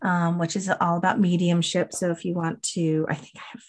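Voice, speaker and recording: A woman in her fifties co-hosting a podcast, chatting casually in an excitable, gushing way. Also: lowish voice, brisk. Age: 50s. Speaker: podcast co-host and medium. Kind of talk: casual chat.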